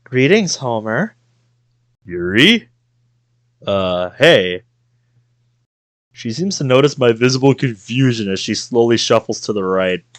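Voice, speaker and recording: A man's voice: mid-range voice, lively intonation, measured pace, long pauses, no echo. A man streaming a visual novel, reading it aloud and reacting with jokes. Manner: playful, reacts with jokes and laughter.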